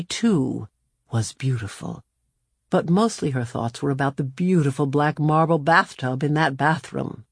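A woman narrating a storybook in the first person, in a measured, unhurried way. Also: low-pitched, breathy edge, no echo, clean studio sound. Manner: measured, unhurried storytelling with lively shifts for dialogue. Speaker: audiobook narrator.

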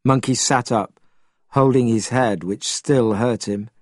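A man reading a storybook aloud, expressive and measured. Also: mid-range voice, dry recording, studio quality. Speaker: narrator.

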